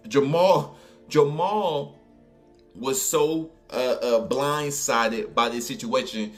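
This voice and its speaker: A man's voice: mid-range voice, a little slow, soft background music. A man with a New Orleans accent telling a story in a casual, colloquial way, full of fillers and asides. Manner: animated, colloquial, many fillers.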